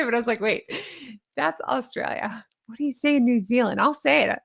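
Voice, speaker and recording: A woman's voice: fairly high pitch, brisk, creaky, a bit bright, no room sound, studio quality. A woman hosting a casual reaction commentary, chatty and sarcastic, laughing at her own jokes. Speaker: YouTube commentary host.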